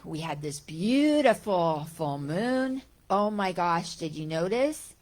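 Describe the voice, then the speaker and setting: A woman giving a reflective spiritual talk as a teacher, speaking conversationally and asking her listeners rhetorical questions. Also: fairly low pitch.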